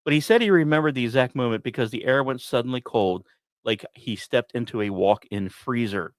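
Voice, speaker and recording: A man hosting a podcast, telling a history story with dramatic pauses and wry asides. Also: dry recording, clean studio sound. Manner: dramatic, wry asides, lively pitch swings. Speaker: podcast host. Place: small dry studio.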